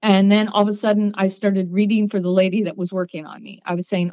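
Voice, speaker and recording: A woman guest on a podcast, telling her story in a lively way and acting out the voices of people she quotes. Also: mid-range voice, fast talker, hardly any pauses, dry recording, rough recording. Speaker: guest, psychic.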